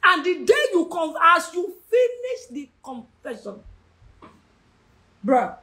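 A young woman with a Nigerian English accent teaches a Bible study, her voice high and bright. She swings all over her range, stacking repeated phrases and raising her voice to drive each point home. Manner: passionate, repeats phrases, shouts for emphasis.

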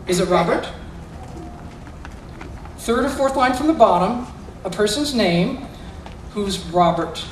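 A high-voiced man does live magic for a school audience, playfully and theatrically coaxing young volunteers through mind-reading tricks. The recording has a little hiss or hum and is echoey, capturing him from a distance in an indoor school room or gym.

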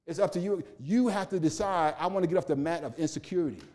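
Animated man, mellow tone. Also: fairly high pitch, fast talker. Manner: rhythmic, repetitive preaching with humorous asides. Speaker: pastor. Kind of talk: sermon.

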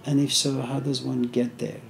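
Male lecturer, gravelly and rambling, casual storytelling, slight background noise. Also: medium pitch, flat delivery, moderate pace. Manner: conversational, frequent "you know", storytelling asides. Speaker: philosophy lecturer. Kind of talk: informal philosophy lecture.

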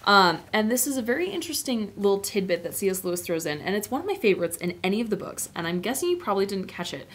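A woman's voice: mid-range voice, very animated, fast talker, few pauses. A woman teacher giving an informal, chatty lecture on a novel, with many fillers and asides. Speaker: literature teacher.

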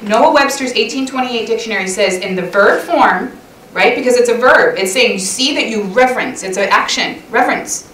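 Middle-aged woman, chatty and animated women's conference speaker, high-ish voice, distant in an echoey church hall. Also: moderate pace, slight background noise. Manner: lively, chatty, laughs often, acts out quotes.

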